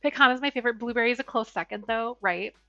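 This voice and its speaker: A woman's voice: fast talker, bright, forceful tone, no echo, highs cut off, faint music behind. A young woman chatting casually through a cooking livestream, talking to her viewers. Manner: chatty, talks to her dog in a high baby voice. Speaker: streamer.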